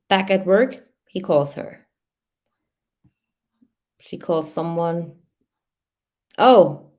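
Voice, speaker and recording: A woman's voice: on the low side, a little mellow. A woman hosting a true crime channel, reading a case timeline aloud and adding hesitant comments with many fillers.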